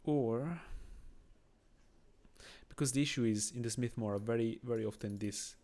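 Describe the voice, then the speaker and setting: A man's voice: medium pitch, normal speed, dark tone. A man with a Swiss accent who is not a native English speaker, chatting with viewers and thinking aloud through a chess game on a live stream. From Switzerland. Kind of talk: casual live-stream commentary.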